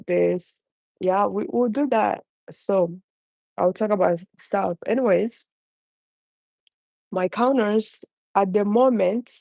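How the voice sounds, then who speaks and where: Chatty accented woman with a gravelly voice. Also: mid-range voice, warm tone, dry recording. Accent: non-native English. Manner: chatty, rambling, frequent restarts. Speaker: caregiver mom vlogger. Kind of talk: casual live-stream chat. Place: home kitchen.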